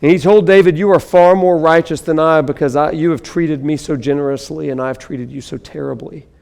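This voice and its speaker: A man's voice: fairly high pitch, steady tone, a little fast, creaky, a little mellow, in a large hall. A man preaching a sermon, reading scripture dramatically and breaking into casual asides to the congregation. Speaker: pastor.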